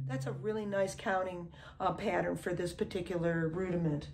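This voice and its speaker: A woman drum teacher talks through a lesson in a relaxed, chatty way, stopping often to ask "okay?". She counts the beats aloud, sometimes shouting over the kit. Loud drumming runs right under her voice. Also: lowish voice, normal speed, hardly any pauses, over loud music. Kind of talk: casual instructional talk. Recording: drums playing under the voice.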